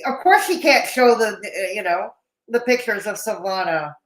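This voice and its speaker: A woman's voice: medium pitch, expressive, normal speed. A woman streaming live, reacting to a video with sarcastic commentary, laughing often and chatting with her viewers. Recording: roomy echoey room.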